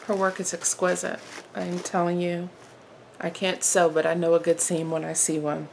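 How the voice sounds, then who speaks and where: A woman with a gravelly edge to her voice chats through a craft haul at home, excited and gushing, now and then slipping into a hushed whisper. Her pitch sits in the middle, and faint noise hangs under the camera mic. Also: normal speed. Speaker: flosstube host. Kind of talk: casual haul vlog.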